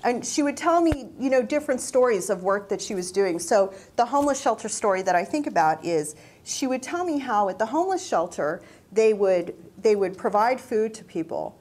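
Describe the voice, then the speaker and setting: A woman's voice: animated, fairly quick, a little mellow. Middle-aged woman telling personal stories. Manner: reflective, acts out quoted dialogue with raised pitch. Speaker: university staff speaker. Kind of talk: personal storytelling talk.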